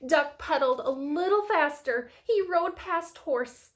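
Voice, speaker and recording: A woman who is a preschool teacher, reading a picture book aloud to young children in a slow, sing-song storytelling voice. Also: high voice, lively intonation.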